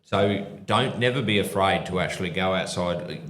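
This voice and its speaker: A man's voice: sits low, normal speed, a bit bright, roomy sound, a little hiss or hum. A man, a former police officer and podcast co-host, telling stories at a live show with a rambling, restarting manner. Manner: rambling, restarts, drops into quoted voices. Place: pub venue with live audience.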